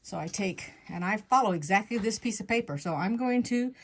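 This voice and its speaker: A woman's voice: mid-range voice, lively intonation, fairly quick. A woman hosting her quilting channel, explaining fabric cutting step by step in a chatty, folksy way and stopping to correct herself, recorded at a sewing table at home. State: slightly out of breath. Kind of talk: casual step-by-step sewing tutorial.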